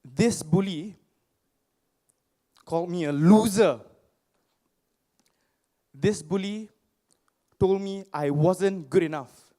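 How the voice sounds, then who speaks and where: A young man, giving a personal storytelling speech to a live audience, animated and self-mocking, often asking the crowd questions. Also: sits high, slow, long pauses. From Singapore. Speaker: motivational speaker. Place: stage before a live audience.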